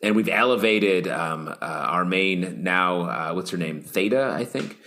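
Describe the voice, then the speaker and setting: A man with a low-pitched voice talks through his take on a comic for a podcast. He is casual and thoughtful and pauses with plenty of fillers. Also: animated, sharp tone. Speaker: podcast co-host. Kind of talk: casual comic review chat.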